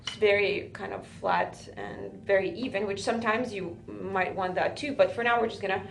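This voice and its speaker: A woman gives a student a drum lesson in a music school room with a drum kit, patiently counting beats aloud and frequently asking "right?" Her mid-range voice is steady and gravelly, at a normal pace. The room is echoey with loud drumming in the background and slight background noise.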